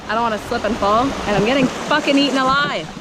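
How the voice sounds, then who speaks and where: A woman's voice: on the high side, fast talker, very noisy. A young woman chatting casually while hiking, giggly and self-deprecating, filmed on a handheld camera outdoors by flowing water. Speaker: vlogger.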